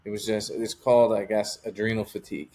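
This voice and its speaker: A man's voice: fairly low pitch, level tone, brisk, mellow. A man talking as an interview guest, telling a personal story in a candid, rambling way with lots of casual fillers.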